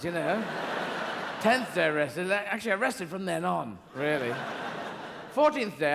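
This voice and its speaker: A man's voice: high voice, gravelly, heavily acted. A man playing God the Father as a lazy, pompous old man in a plummy, drawling film-star impression, with a long echo and background noise around him. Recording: live hall with long reverb and noise.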